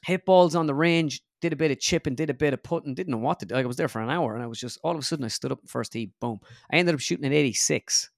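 A man's voice: on the high side, very fast, gravelly, hardly any pauses, no room sound, studio quality. Irish man telling a rambling story. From Ireland. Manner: rambling, animated storyteller with many fillers. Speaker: guest comedian. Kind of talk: casual storytelling chat.

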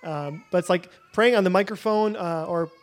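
A man's voice: high-pitched, normal speed. A young man leading a prayer-room teaching, talking casually with lots of fillers, restarts and self-deprecating asides, into a podium microphone. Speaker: prayer leader.

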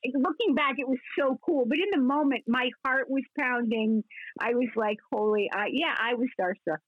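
A woman in her sixties, a guest actress telling rambling, animated stories in a casual interview, full of restarts. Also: sits high, moderate pace, dry recording. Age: 60s. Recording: husky voice over a tinny phone line.

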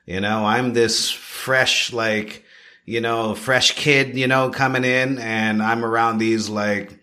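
A man in his thirties from Canada, a chef telling his story in a podcast interview with expressive swings and repeated phrases. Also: mid-range voice, takes it slowly. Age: 30s. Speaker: chef, guest.

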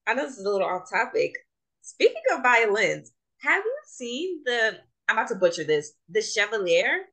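A young woman with a bright, forceful voice hosts a relaxed podcast chat. She speaks with passion and strong opinions, pressing her points with emphasis. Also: on the high side, moderate pace, rough recording. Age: young adult. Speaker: podcast host. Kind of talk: casual chat.

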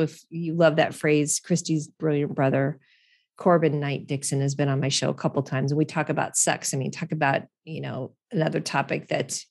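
Middle-aged woman, low deep voice, frank and chatty solo podcast host. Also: breathy edge. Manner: candid, chatty and profane, with frequent restarts and laughter. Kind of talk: casual solo podcast monologue.

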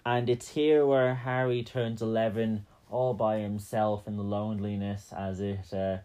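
A man's voice: on the low side, level tone, unhurried, warm tone. A man co-hosting a casual podcast, recapping a film in a joking, rambling way with lots of fillers. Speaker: podcast co-host.

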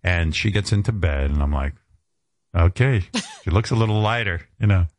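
Male radio host, low voice, dry studio sound, chatty animated storyteller. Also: moderate pace, no echo. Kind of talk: casual on-air chat and storytelling.

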